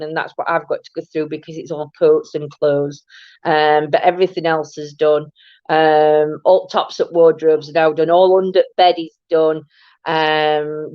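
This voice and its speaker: A woman's voice: deep voice, no room sound, lo-fi sound. A woman hosting a casual live morning chat from her home, rambling on and greeting viewers by name. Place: at home, indoors.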